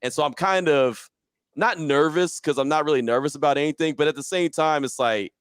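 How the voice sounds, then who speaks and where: A man's voice: fairly high pitch, fairly quick, fairly bright tone, smooth, dry recording. A man in an interview, casually telling a story and acting out his own quotes with animation. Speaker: podcast guest, sports radio host.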